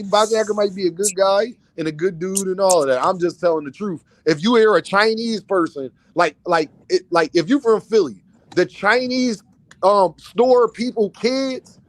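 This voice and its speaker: A man's voice: sits high, dry recording. A man hosting a casual boxing chat, joking, insistent and full of slang. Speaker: podcast host.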